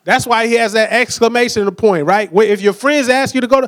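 A man's voice: very high voice, brisk, few pauses, fairly bright tone. A young man preaching a sermon with energy, acting out quoted voices and asking the crowd to say words back.

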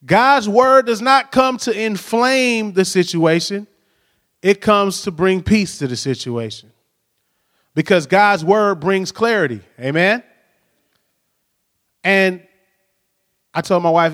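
A man's voice: high-pitched, takes it slowly, long pauses, a bit bright. A man preaching a conversational sermon, telling stories and often checking in with "right?". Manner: storytelling, frequent "right?" tag questions. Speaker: pastor. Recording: long hall reverb.

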